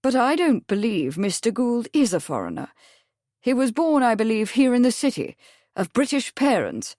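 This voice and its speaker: Give me a woman playing a courteous gentleman barrister, mild and exact, in an audiobook. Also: fairly high pitch, big pitch swings, normal speed, no room sound, studio quality, voice pushed up. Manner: courteous, mild, precise questioning. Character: polite, probing male barrister in court.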